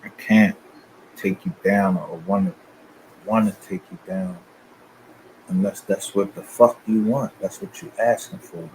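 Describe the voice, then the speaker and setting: Low-voiced man ranting casually. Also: a little slow, darkish tone, a little hiss or hum, low-quality recording. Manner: loose, profane, confrontational. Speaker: channel host. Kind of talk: casual rant to viewers.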